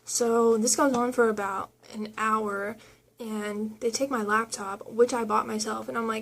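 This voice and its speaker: A woman's voice: fairly high pitch, level tone, unhurried, a little hiss or hum. A young adult woman vlogger chatting casually, retelling a personal story in a rambling way full of fillers and quoted dialogue.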